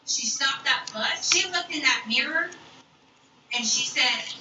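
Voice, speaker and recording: Young woman, higher voice, blunt and foul-mouthed storyteller. Distant mic in a roomy space, clear background noise. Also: takes it slowly, muffled recording. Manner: profane, emphatic storytelling. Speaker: streamer telling a story. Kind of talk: casual storytime. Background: YouTube video playing in the background.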